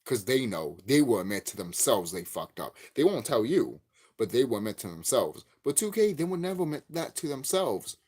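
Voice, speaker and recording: This man's voice is brisk and husky as he rants angrily about a game in a vlog, swearing and saying the same things over and over. He's a YouTube game commentator whose pitch moves around a lot and climbs loud and high when he's fired up.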